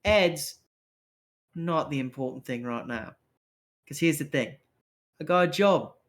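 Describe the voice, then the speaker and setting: A man's voice: a little high, lively intonation, a little slow. A man voicing a brash, crude male gangster with metal teeth who swears and wheedles.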